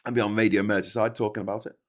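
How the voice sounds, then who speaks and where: A man's voice: fairly low pitch, level tone, rapid-fire. Brief Middle-aged Scouse male streamer, rambling, sarcastic, swears, lots of false starts. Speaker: host of a livestream news chat. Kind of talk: casual livestream commentary reading super chats.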